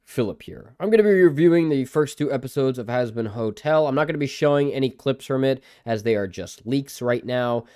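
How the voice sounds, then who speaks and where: A man's voice: mid-range voice, expressive, a little fast, hardly any pauses, warm tone, smooth, no echo, clean studio sound. A man reviewing a show in a mock rant, swearing constantly with a sarcastic edge. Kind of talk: profanity-laden mock rant.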